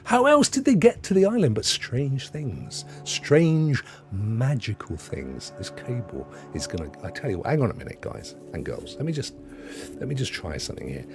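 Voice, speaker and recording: A man's voice: mid-range voice, huge pitch swings, moderate pace, over music. A middle-aged man hosting a casual livestream, rambling through jokey chat and talking straight to his viewers. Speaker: livestream host.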